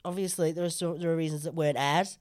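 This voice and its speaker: A woman chatting as a podcast guest, rambling and often dropping to a low voice when she reflects. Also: fairly even intonation, fast, darkish tone. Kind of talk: casual chat.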